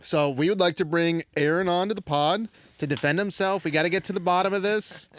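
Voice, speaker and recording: A young man co-hosting a podcast tells a story in casual chat, animatedly acting out the people involved and quoting them in voices. His voice is high and a little fast, recorded in studio quality with no echo.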